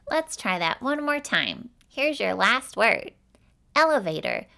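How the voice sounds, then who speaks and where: A young woman leads a phonics lesson for small children. She speaks slowly and carefully at a middle pitch, drawing out each letter sound so little ones can copy it, with steady encouragement between words. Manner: slow, clear and encouraging, exaggerating sounds. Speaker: phonics teacher.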